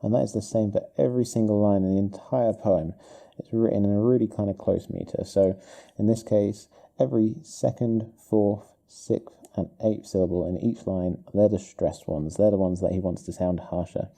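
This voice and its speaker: Male teacher, low and dark with some fry, walking a student through meter in a warm, encouraging feedback style. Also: fairly even intonation, moderate pace. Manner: encouraging, talks to the student directly, thinks aloud while writing. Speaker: English teacher. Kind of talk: explaining exam writing while annotating.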